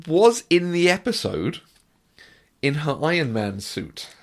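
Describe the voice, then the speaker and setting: A man's voice: on the high side, big pitch swings, slow. A man co-hosting a podcast, explaining plot points of a TV show in a casual, dry way. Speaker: podcast co-host. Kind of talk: casual TV review chat.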